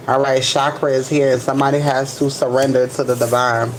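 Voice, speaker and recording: A woman's voice: a bass voice, level tone, a little hiss or hum, low-quality recording. A woman giving a casual tarot reading to camera. She peppers her talk with "all right" and stretches out single keywords as she turns cards. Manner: repeats "all right" constantly, drawn-out card keywords. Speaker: tarot card reader.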